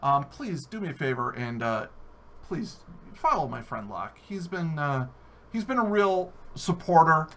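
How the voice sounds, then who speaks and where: An American man hosting a live-stream podcast, animated and jokey, swearing freely. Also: on the high side, unhurried. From United States. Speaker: podcast host. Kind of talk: casual live-stream chat.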